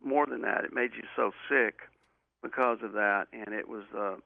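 An interview guest talks over a call in a gravelly, creaky voice. His earnest storytelling rambles and restarts often. The sound is thin and phone-like, with a dry, close quality. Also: lowish voice, normal speed, no echo. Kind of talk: personal storytelling in a remote interview. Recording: tinny phone-line audio.

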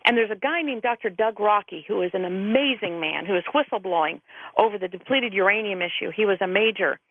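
A woman's voice: medium pitch, fairly quick, dry recording. Earnest woman talking over a tinny phone line. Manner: earnest storytelling, quotes others at length. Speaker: phone-in guest, veterans' advocate. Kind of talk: radio interview over the phone. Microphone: telephone.

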